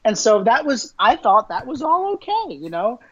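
A man telling stories as an interview guest, lively and quick to laugh, putting on the voices of the people he quotes. The recording sounds dull and lo-fi, with the top end rolled off. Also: extremely high pitch. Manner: animated, acts out quoted voices, laughs often. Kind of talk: casual storytelling interview.

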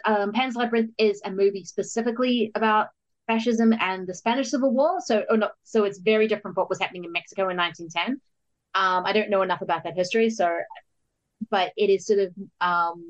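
Female podcast host, mid-pitched, slightly muffled audio, easy chatty talk. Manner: chatty, quick agreeing interjections. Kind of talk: casual film podcast chat.

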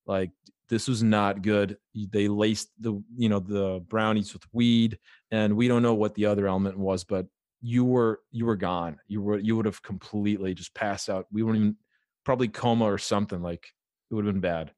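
A man's voice: on the low side, steady tone, normal speed, darkish tone, no room sound. A young man in his twenties telling a story in casual chat, swearing freely, laughing mid-story and acting out what people said.

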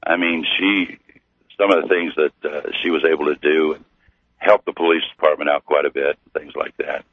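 A middle-aged man from Missouri, a guest telling his story slowly with many pauses and fillers. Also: very deep voice, fairly even intonation, dry recording. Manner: slow, halting with many fillers. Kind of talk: storytelling interview. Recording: tinny phone-like radio line.

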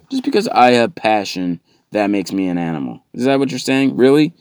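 A man doing a sarcastic stand-up comedy routine, ranting with sudden shouted outbursts. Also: medium pitch, sing-song, a little fast, clear, resonant tone, dry recording, clean studio sound.

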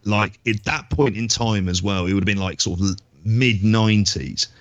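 A man's voice: on the low side, normal speed, no echo, muffled recording. A man co-hosting a podcast, telling rambling stories in casual chat and swearing freely. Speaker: podcast co-host.

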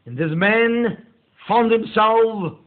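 Slow-preaching pastor, high tinny voice. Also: male voice. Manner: slow, deliberate preaching with drawn-out emphasis. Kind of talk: sermon. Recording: tinny phone-like audio.

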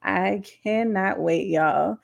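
A woman's voice: medium pitch, slow pace, vocal fry, lo-fi sound. A woman co-hosting a talk show, speaking casually and hesitantly with many ums. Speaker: podcast co-host. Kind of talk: casual chat.

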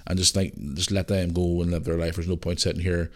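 A man's voice: low-pitched, flat delivery, brisk. Sweary, rambling Northern Irish man. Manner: blunt and sweary, rambling rants. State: tired, yawning. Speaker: podcast host. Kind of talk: casual solo podcast chat.

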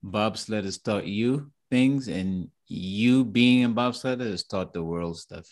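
A middle-aged man hosting a casual interview, relaxed and laughing along with his guest. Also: fairly low pitch, takes it slowly. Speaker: interview host.

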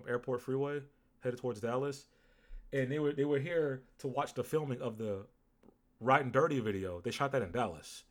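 A man's voice: medium pitch, darkish tone. Rambling, jokey male podcast host. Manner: rambling, jokey, with many fillers. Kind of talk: casual chat. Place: lives in Dallas.

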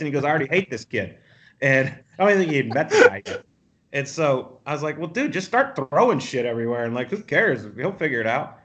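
A man, a professional golfer, telling animated, profane stories as a podcast guest and laughing often. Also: fairly high pitch, fast. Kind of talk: casual storytelling.

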